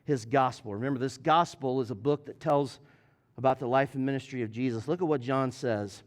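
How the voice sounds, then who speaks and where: A man's voice: mid-range voice, brisk. A male lead pastor preaching a sermon in a church, speaking earnestly and appealing directly to the congregation. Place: church sanctuary.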